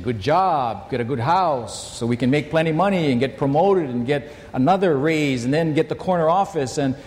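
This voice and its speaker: A man preaching a sermon in a church, telling a personal story in a conversational, emphatic way that swings between loud and hushed. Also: fairly high pitch, in a large hall. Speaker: pastor.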